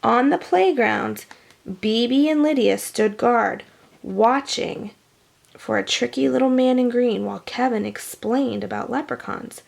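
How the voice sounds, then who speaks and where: A woman reading a children's picture book aloud, pausing to explain words for children. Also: fairly high pitch, vocal fry. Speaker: storybook reader.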